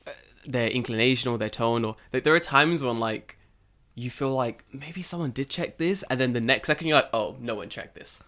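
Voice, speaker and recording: A man's voice: medium pitch, fairly quick, fairly bright tone. A man co-hosting a casual podcast, an English teacher in Japan telling classroom stories, laughing often and swearing freely. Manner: laughs a lot, swears, acts out voices in anecdotes. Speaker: podcast co-host. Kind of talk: casual chat.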